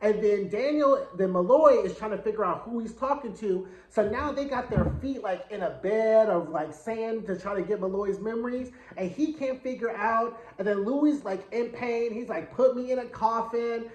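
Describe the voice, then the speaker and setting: A man's voice: high voice, moderate pace, hardly any pauses. A man giving a casual episode recap. His retelling is chatty, slangy and dramatic. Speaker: TV show reviewer. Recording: echoey room.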